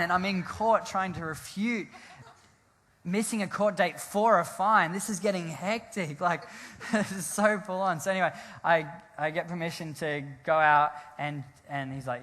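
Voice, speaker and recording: A man, a pastor telling a rambling, animated story in a sermon, often laughing and restarting his sentences. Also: high voice, normal speed. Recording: long hall reverb.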